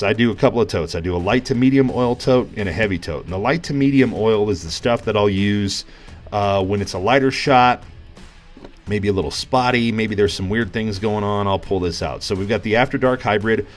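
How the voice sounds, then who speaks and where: A man with a fairly low voice talks through a bowling ball review in a loose, conversational way, full of ums and uhs. He gets openly enthusiastic about his gear. Faint music sits behind him. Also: fairly quick. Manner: relaxed, conversational, many fillers. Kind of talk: casual review vlog.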